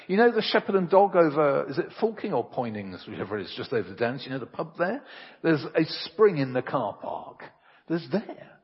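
A man's voice: a little high, husky. A man preaching an earnest, emphatic sermon and telling homely anecdotes, recorded in a church. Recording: reverberant hall, dull lo-fi sound.

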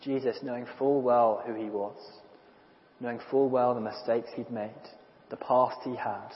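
A man preaching a sermon in a conversational, animated way, with quick asides and small restarts. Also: medium pitch. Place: church. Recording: dull lo-fi recording in a reverberant church hall.

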